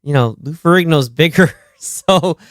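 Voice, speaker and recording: Animated laughing man. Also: a little high, measured pace, no room sound, studio quality. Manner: animated, laughing, acts out quotes. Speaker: podcast co-host. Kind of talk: casual movie discussion.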